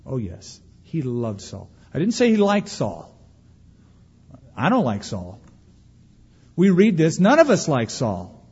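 A male pastor preaches with a mellow, slightly husky voice that swoops up and down with expression. His delivery is folksy and full of humor, with dramatic pauses. The sound is dull and carries a long church reverb. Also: medium pitch, huge pitch swings. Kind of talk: sermon.

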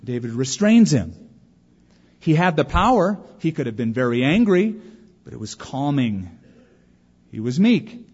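In a dull recording washed in long hall reverb, a male pastor tells sermon stories energetically and voices the characters in them. He speaks at a medium pitch and a measured pace with long pauses, and his voice is slightly rough.

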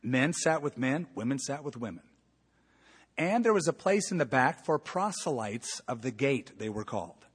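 A man preaching a sermon as a pastor, emphatic, moving between loud points and hushed asides. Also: medium pitch, very animated, moderate pace, breathy edge. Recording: long reverb of a large hall.

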